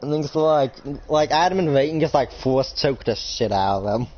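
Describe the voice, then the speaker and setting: A man's voice: medium pitch, expressive, normal speed. A young man narrating an improvised role-play story, rambling with lots of "like". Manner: rambling, full of "like". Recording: dull lo-fi recording, faint noise.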